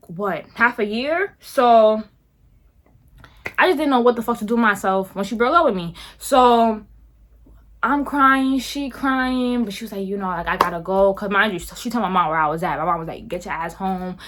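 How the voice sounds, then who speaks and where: A young woman telling a storytime on her vlog, casual, profane and animated, full of filler words. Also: a little high. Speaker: vlogger.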